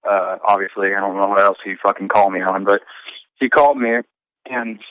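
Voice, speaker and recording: A man's voice: fairly low pitch, steady tone, fairly quick, dry recording. A man, a rapper guest in a casual interview, telling rambling stories and swearing a lot. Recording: tinny phone-line sound.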